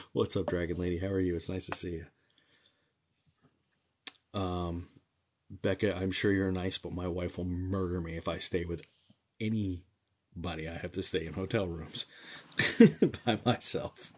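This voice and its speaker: A young man from New Jersey, a medium, chatting casually and joking as he reads out and answers livestream comments. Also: sits low.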